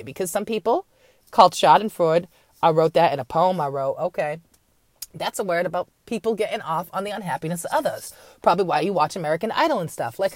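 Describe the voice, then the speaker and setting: A woman's voice: fairly low pitch, big pitch swings, brisk, no room sound. A woman hosting a podcast, talking through a late-night, profanity-filled rambling rant with wry asides and mocking impressions of others. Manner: acts out others in mocking voices. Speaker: podcast host.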